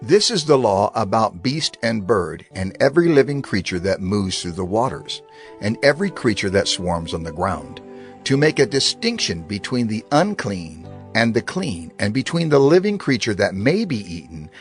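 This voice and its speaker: A man giving a measured, expressive scripted narration of scripture. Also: fairly low pitch, soft background music.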